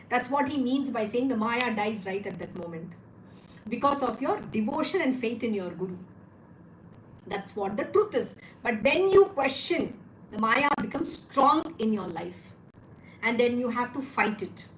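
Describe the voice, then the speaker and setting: A high-voiced woman leads a devotional teaching in an echoey room. She speaks emphatically, circling back to her points and putting rhetorical questions to her listeners. A faint hum of noise sits under her voice. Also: animated, normal speed. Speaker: spiritual teacher.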